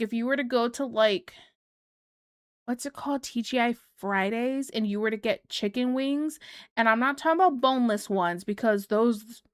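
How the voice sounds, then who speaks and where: A woman's voice: a little high, no room sound, studio quality. Giggly streamer woman chatting with viewers. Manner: rambling, giggly, many fillers. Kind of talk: casual chat reading viewer comments.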